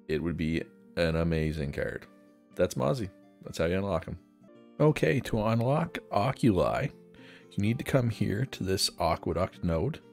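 A man casually walking through a video game guide, chatty and thinking aloud as he plays. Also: low voice. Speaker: gaming guide host. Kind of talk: casual game walkthrough narration.

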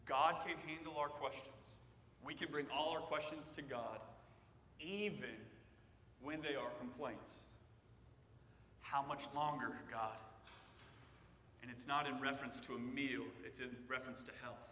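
A man preaching a sermon in a church, talking conversationally and swelling loud when he voices quoted cries. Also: medium pitch, moderate pace, far from the mic, a little hiss or hum. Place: church sanctuary. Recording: echoey church hall.

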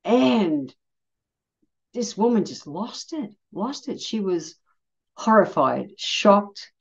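A middle-aged Australian woman telling a personal story in a casual, blunt way, swearing freely and getting animated when she quotes people. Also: medium pitch, slow pace, husky, highs cut off. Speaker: podcast host.

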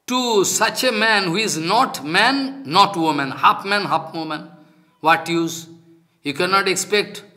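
Man, devotional sermon, high pitch, emphatic repetition. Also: sharp tone. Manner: emphatic, repetitive, acts out quoted dialogue. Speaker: spiritual teacher.

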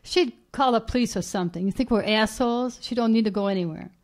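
A woman's voice: a little high, quick pace, a little mellow, close to an everyday voice. A woman voicing a leering, aggressive male burglar who talks with coarse slang and derision, in a literary reading. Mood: hostile.

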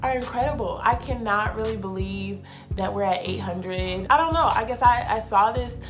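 A woman's voice: mid-range voice, moderate pace. A young woman talking casually and openly to her viewers in a faith vlog, chatty and confiding. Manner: chatty, warm-hearted, confiding, heartfelt. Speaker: vlogger. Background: soft background music.

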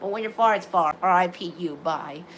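A woman giving excitable, rambling live commentary on her gameplay while chatting with viewers. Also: on the low side, moderate pace, slight background noise. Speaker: game streamer.

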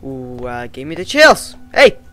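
A man giving casual, excitable let's-play commentary on a horror game, swearing, jumpy and talking back to the characters. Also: mid-range voice, a little slow, soft background music. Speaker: gamer playing a horror game.

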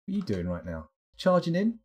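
A man streaming live gameplay, narrating combat excitedly and joking with the game's characters. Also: fairly high pitch, a little fast, slightly rough. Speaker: game streamer.

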